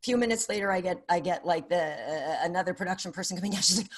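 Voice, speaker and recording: A middle-aged woman, a sports broadcaster appearing as a podcast guest, tells stories casually in an interview, animatedly acting out the dialogue she quotes. She talks fast in a lowish voice.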